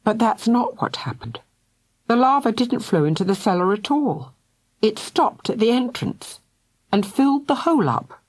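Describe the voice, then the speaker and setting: A woman narrating a children's audiobook in a lively storytelling manner. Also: fairly high pitch, normal speed, no echo, studio quality. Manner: lively, voices each character.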